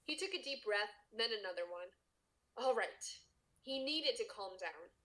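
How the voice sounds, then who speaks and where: A woman co-host reads erotic fiction aloud for a podcast. Her voice sits a little high and swings around a lot. She reads with expression and slips into playful teasing of her co-host. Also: expressive, normal speed, a bit bright, poor audio. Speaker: podcast co-host and story reader. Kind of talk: reading erotic fiction aloud with casual banter.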